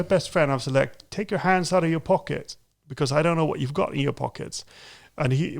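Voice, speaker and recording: A man hosting a podcast, spinning a lively anecdote in casual chat. His voice has a gravelly, creaky edge and sits at an ordinary pitch, and he slips into the voices of the people in his story as he goes. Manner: animated, laughing storyteller who acts out quotes. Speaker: podcast host.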